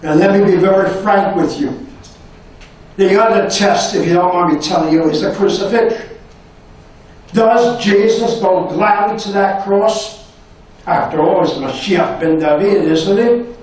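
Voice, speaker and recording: In a university lecture hall, a professor gives a dramatic, impassioned public lecture packed with rhetorical questions, his voice sinking to near-whispers at emotional moments. He speaks at a measured pace in a high-pitched, darkish voice, picked up by a distant mic in the echoey hall.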